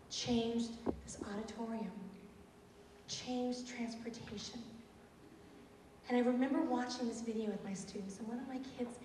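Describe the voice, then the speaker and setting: Woman lecturer, 30s, animated storyteller; old tape, distant mic, long reverb, faint hiss. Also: a little high. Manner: animated, acts out students' quotes. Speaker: teacher giving a lecture. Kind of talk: storytelling talk. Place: university auditorium. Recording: echoey hall from far off, lo-fi tape.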